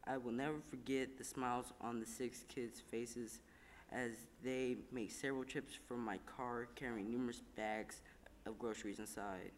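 A man narrates a heartfelt story at an even, measured pace, now and then stumbling over a word. His voice rings with a long room echo over faint background noise. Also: mid-range voice. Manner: calm, measured storytelling with small slips. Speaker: reader. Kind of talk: scripted narration of a first-person story.

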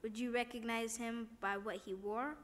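A woman's voice: a little high, fairly even intonation, moderate pace, a bit bright, natural voice. A woman reading as an earnest, kind young man.

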